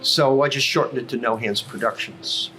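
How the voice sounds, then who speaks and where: A man's voice: medium pitch, normal speed, pushed and bright. An older man in a coffee house telling long career stories as a podcast guest, with many fillers and self-corrections. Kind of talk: casual storytelling. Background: music playing.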